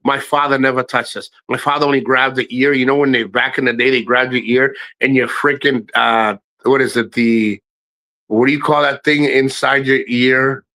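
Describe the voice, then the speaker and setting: A middle-aged man hosting a live stream, telling profane family stories to his chat in a casual, animated way, his voice jumping high when he quotes people. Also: normal speed, low-quality recording. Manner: animated, swearing, voice jumps high for quoted lines.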